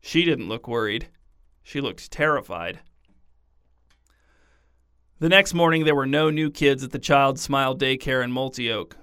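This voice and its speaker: A man narrating a story in a deadpan, scripted reading. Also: medium pitch, unhurried, long pauses, clear, resonant tone, no room sound, studio quality.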